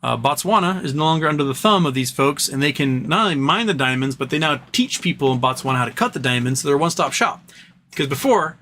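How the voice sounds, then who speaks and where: A man hosting a livestream, telling stories in a casual, animated way and putting on mock voices for the people he quotes. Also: fairly high pitch, fast, a little hiss or hum. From United States. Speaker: livestream host.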